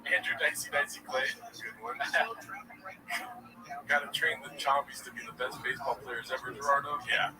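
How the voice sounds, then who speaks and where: A man's voice: medium pitch, steady tone, normal speed, a crowd in the background. A man co-hosting a livestream podcast, laid-back, reacting to chat comments. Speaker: podcast co-host. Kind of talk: casual livestream banter. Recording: distant mic, music behind.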